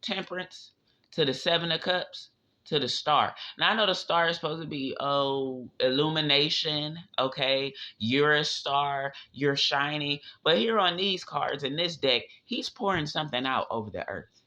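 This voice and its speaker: A man's voice: normal speed, bright, forceful tone. A man doing a casual spiritual tarot reading, emphatic and profane. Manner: emphatic, profane, drifting pitch. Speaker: tarot reader. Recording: dull lo-fi audio.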